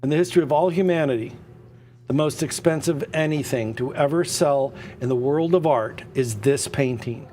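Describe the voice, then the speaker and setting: A man hosting a live-streamed art auction, excitable and prone to rambling tangents. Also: on the high side, normal speed, a little hiss or hum. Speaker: auction host.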